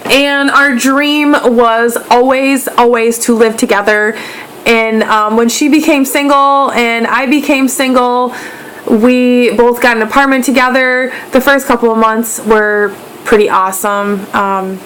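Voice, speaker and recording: A young woman talks in a slightly high, chatty voice, filling her stories with "like" and "um" and dropping casual swear words. Her delivery is animated and informal, as in a home video blog, with a faint hiss of background noise. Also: a little slow, poor audio. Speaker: beauty vlogger. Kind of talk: casual chat.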